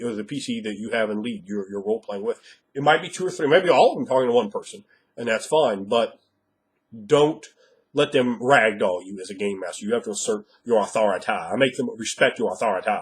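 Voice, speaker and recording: A man speaking as a game master, giving blunt, emphatic tips with frequent swearing, slightly hoarse after a cold. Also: lowish voice. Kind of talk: instructional monologue.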